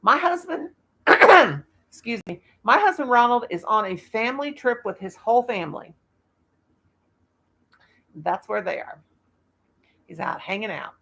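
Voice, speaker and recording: A woman's voice: fairly high pitch, very animated, unhurried, vocal fry, long pauses, sharp tone, slightly rough. A woman in her fifties hosting a casual live stream, rambling in a folksy way and laughing at herself. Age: 50s.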